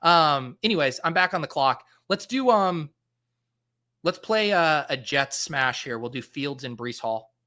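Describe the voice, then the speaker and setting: A man's voice: fairly high pitch, animated, a little slow, sharp tone. A man in his thirties hosting a live stream in casual chat, thinking aloud with lots of fillers and restarts. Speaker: fantasy football podcast host.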